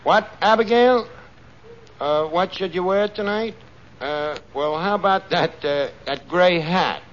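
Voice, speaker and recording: An actor playing a scheming, wisecracking tavern manager in a 1940s radio comedy. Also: male voice, high voice. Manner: fast-talking, lively wisecracks. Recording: muffled old radio broadcast with hiss.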